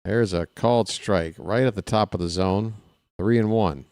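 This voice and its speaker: A man doing casual live play-by-play of a ballgame, chatting straight to his viewers between pitches with candid, self-deprecating asides. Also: normal speed, a little mellow, clear, resonant tone, no echo, studio quality. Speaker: play-by-play commentator.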